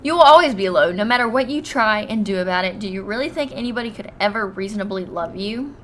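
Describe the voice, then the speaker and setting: A woman's voice: medium pitch, lively intonation, fast talker, a bit bright, slight background noise, lightly acted. A woman voicing a cruel, contemptuous woman on a blind date, reading the game's dialogue aloud with harsh, scornful insults.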